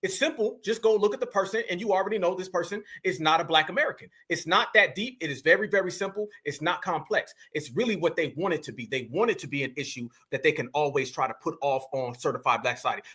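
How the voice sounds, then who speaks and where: A man's voice: on the high side, fast, few pauses, bright, forceful tone. A man hosting a commentary show, talking emphatically in slangy, preacher-like bursts. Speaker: commentary host. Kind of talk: reaction commentary.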